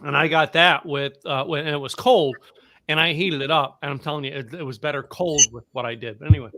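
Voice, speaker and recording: A man co-hosting a podcast, telling animated stories with stumbles and restarts. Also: fairly high pitch, brisk. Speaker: podcast co-host. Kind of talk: casual chat with storytelling.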